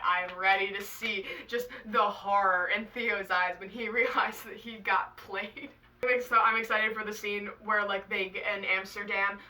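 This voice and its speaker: A young woman talking casually to camera as a vlogger, chatty and excitable, with lots of "like"s and swearing. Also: medium pitch, far from the mic, low-quality recording. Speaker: author and book vlogger.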